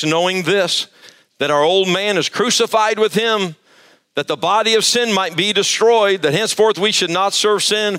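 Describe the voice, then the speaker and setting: A pastor preaching to a live church service, emphatic and quizzing the congregation for answers. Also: male voice, high-pitched, bright, forceful tone, clean tone. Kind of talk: sermon.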